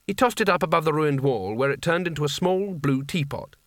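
A man's voice: on the high side, lively intonation, a little fast, no echo. Man narrating a comic fantasy audiobook. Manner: dry, wry storytelling. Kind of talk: scripted narration.

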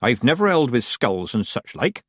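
A male narrator puts on a commanding old witch woman who scolds and snaps. Her voice is husky and a touch raised, full of lively ups and downs. It is a dry, close audiobook reading. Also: mid-range voice, moderate pace, dry recording. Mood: curt. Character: stern, sharp-tongued old witch woman. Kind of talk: audiobook character voice.

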